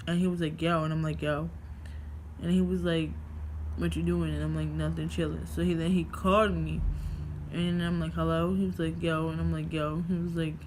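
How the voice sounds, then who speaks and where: A woman's voice: sits low, darkish tone, a little hiss or hum. A young woman from New York vlogging casually at home, rambling through a story with lots of fillers and swearing.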